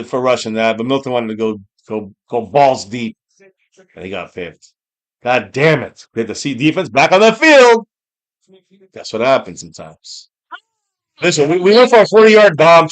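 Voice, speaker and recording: Excitable male sports stream host. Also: a little high. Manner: excitable, swears freely, shouts on big plays. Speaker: watch party host. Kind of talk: live game reaction stream.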